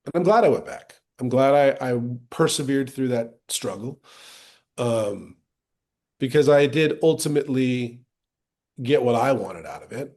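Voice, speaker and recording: Candid and animated, a middle-aged actor tells stories from his past as a podcast guest, voicing other people's quotes with lively changes in tone. His voice is mid-range.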